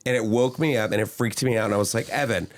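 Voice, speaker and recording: A man's voice: fairly low pitch, steady tone, fast. A man hosting a podcast, telling stories and teasing his guest in a playful, jokey way. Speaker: podcast host. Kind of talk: casual chat.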